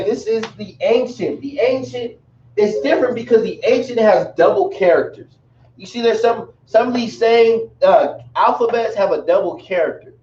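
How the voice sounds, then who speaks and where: A man with a high-pitched but darkish voice delivers an informal, rambling religious lesson with humorous digressions. There's a bit of hiss or hum on a dull, echoey recording taken from afar.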